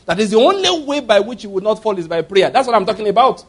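A man's voice: high-pitched, animated, fast, hardly any pauses, breathy edge. A man preaching a sermon, emphatic and laughing often, acting out little voices as he talks. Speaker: pastor.

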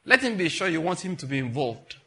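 A middle-aged man, preaching a sermon as a pastor in an animated, conversational way. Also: on the high side, a little fast. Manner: animated and conversational, acting out dialogues.

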